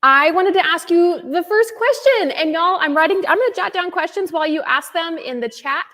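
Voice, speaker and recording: A woman's voice: very high-pitched, animated, fairly quick, fairly bright tone. A woman hosting a casual livestream interview, enthusiastic and gushing. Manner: enthusiastic and gushing, with Southern "y'all". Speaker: host. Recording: long echo from a remote call.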